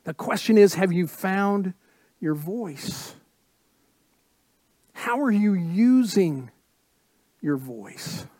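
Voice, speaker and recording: Male pastor mid-sermon, high-ish voice, unhurried, emphatic refrains. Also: lively intonation, dry recording. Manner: slow, emphatic preaching with repeated phrases and sudden soft drops.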